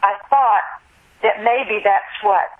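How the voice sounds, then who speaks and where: A woman's voice: mid-range voice, takes it slowly. Older woman on a tinny phone line. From US South, Alabama. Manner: chatty, reflective, laughs easily. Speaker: guest, singer. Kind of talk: relaxed phone interview storytelling. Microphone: telephone.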